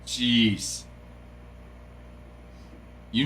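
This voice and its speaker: A man hosts a live card-opening stream, and his talk is chatty and excitable, with sudden yells of delight. His voice sits a bit high and sounds very bright and sharp. He takes his time between his words. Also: slow pace, pauses often. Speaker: host of a live sports card break stream.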